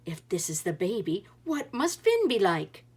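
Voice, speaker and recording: A woman voicing a huge, boastful, slow-witted male giant in a storybook reading, with a loud, high, strained voice. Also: wildly swooping pitch, slightly rough, heavily acted. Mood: startled.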